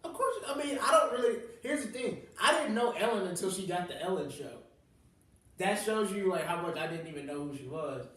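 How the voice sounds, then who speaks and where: A man's voice: high-pitched, animated, brisk, fairly bright tone. A young man from the Southern US, a comedian hosting a casual chat, telling stories full of slang and laughs. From Southern US, New Orleans. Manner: laughing storyteller, loose slang. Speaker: comedian host. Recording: echoey room, distant mic.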